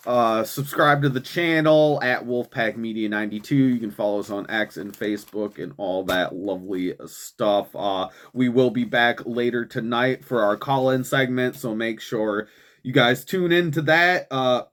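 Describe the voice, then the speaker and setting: A man's voice: medium pitch, normal speed, a bit bright. A young man hosting a commentary show, ranting angrily and swearing constantly, with frequent "man" and "dude" fillers. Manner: profane, heated, swearing constantly. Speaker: host of a political commentary show.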